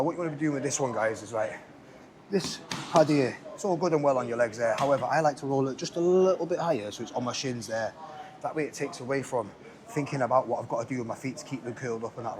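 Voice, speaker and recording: A man coaching a gym workout in a casual, chatty way, often checking in with the viewer. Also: mid-range voice. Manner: chatty, coaching, keeps checking in with "okay, lads?". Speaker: fitness instructor. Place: indoor gym.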